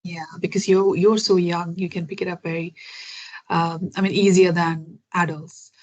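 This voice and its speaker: A woman's voice: lowish voice, little pitch movement, normal speed, darkish tone, lo-fi sound. A woman hosting an English conversation practice over a video call, asking curious questions with frequent restarts. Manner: curious, chatty, many fillers and restarts.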